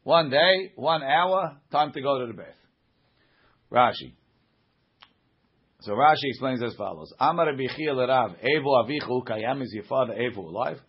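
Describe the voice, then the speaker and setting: A man leads a Talmud class, reading each line aloud and then explaining it in plain, conversational English. His voice is slightly husky. The recording is dull and lo-fi. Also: medium pitch, expressive, normal speed. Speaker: Talmud teacher.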